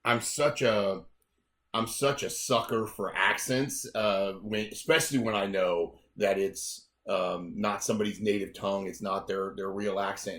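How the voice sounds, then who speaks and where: Very deep-voiced self-deprecating American man. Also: fairly even intonation, measured pace, a bit bright. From United States. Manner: self-deprecating, enthusiastic, laughs often. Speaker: podcast co-host. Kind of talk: casual podcast chat.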